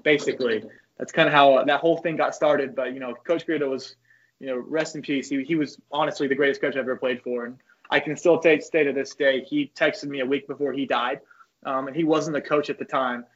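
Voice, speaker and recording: A young man, a former college pitcher, telling loose, profane stories as a podcast guest. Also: fairly even intonation, a little fast, dull audio. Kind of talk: casual podcast chat.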